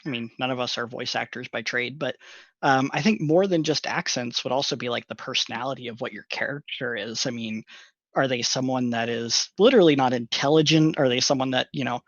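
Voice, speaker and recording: A man's voice: medium pitch, a little fast, a bit bright, no echo. A man on a podcast panel, explaining his views at length with many fillers. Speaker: podcast panelist and tabletop player. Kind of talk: casual podcast chat. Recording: dull lo-fi dry sound.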